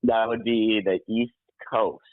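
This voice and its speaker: A man's voice: on the low side, steady tone, takes it slowly, no room sound. A man calling in by phone, chatting casually, rambling with frequent restarts and laughs. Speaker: caller. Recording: tinny phone line.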